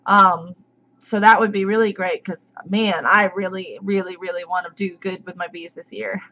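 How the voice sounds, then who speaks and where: A woman's voice: mid-range voice, fairly even intonation, moderate pace, pushed and bright. A woman hosting a casual live stream, chatting and reading out viewers' names as they come in. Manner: chatty, greets viewers by name.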